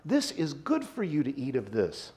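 A male preacher voicing Satan as a sly serpent, speaking in a hushed, coaxing and wheedling way. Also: mid-range voice, wildly swooping pitch, normal speed, voice pushed down.

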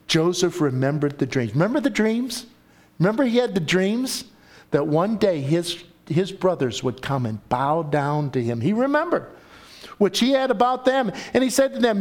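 A man preaching a sermon and reading scripture aloud, animated and acting out the story's voices. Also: a little high. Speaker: pastor.

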